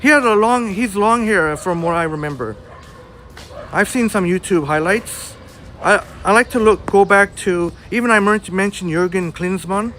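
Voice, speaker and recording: High-voiced man chatting on a walk. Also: normal speed, sharp tone, slight background noise. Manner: chatty, addresses viewers by name while walking. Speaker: livestream host reading viewer chat. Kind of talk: casual live walking stream. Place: outdoors on a city street.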